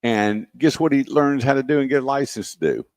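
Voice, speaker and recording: A man hosting a radio show, telling stories with lively quoted voices. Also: mid-range voice, fairly quick, dry recording, clean studio sound. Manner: animated storyteller, acts out quotes. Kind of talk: casual radio chat.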